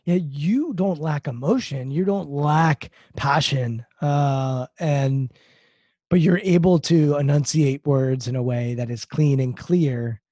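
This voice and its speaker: A man's voice: on the high side, slow, warm tone, no room sound, studio quality. A man hosting an interview, thoughtful and searching for words as he asks questions, who works with athletes. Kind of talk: interview conversation.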